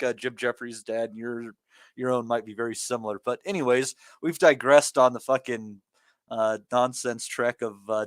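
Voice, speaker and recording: A man's voice: mid-range voice, clear, resonant tone, no echo, clean studio sound. A man hosting a podcast in loose, profane chat, reading out listener questions. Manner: loose, profane, hesitant with fillers. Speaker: podcast host. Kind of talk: casual chat.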